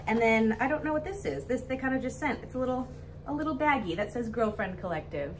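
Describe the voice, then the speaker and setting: A young woman vlogging casually to camera, bubbly and gushing with excitement. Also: fairly high pitch, fast talker, recorded from a distance, slight background noise. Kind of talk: casual vlog talk to camera.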